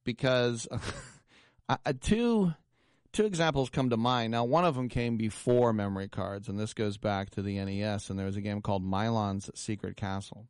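Animated male radio host, low voice. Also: normal speed, clean tone, no echo, clean studio sound. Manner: animated, self-deprecating storyteller. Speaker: radio talk show host. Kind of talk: casual radio storytelling.

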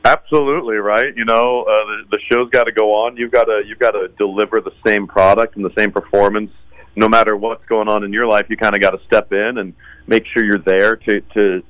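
A man's voice: on the low side, little pitch movement, brisk, fairly bright tone, dry recording, low-quality recording. A man who acts in musical theater, answering interview questions in an earnest, conversational way. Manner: earnest, repeats words when starting. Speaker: musical theater actor guest.

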